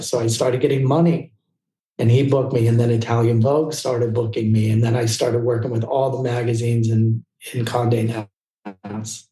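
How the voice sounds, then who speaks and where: An older man from California tells stories as a guest, his tone mellow and relaxed. He talks in an animated way. The sound is roomy, picked up from a mic set some way off. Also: moderate pace, recorded from a distance. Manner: animated anecdotes, acts out quoted people in a higher voice. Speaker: guest, fashion photographer. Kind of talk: casual storytelling interview.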